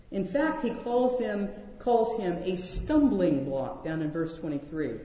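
An animated Bible teacher leads a study, acting out quoted lines and restarting sentences as the thoughts come. The voice is mellow and soft-toned. The sound is dull and carries a long hall reverb. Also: medium pitch, a little slow.

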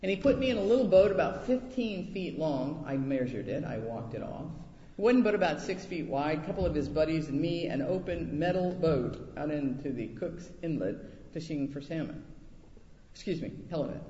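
High-voiced animated preacher in an echoey hall. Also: male voice, moderate pace. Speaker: pastor. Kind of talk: sermon with personal story. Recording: echoey hall, dull lo-fi sound.

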